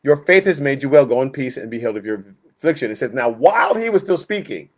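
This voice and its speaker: A man with a mid-range voice runs a Bible study at a quick pace, his pitch swinging widely. He teaches in a chatty way full of fillers and performs the characters' voices as he retells the stories.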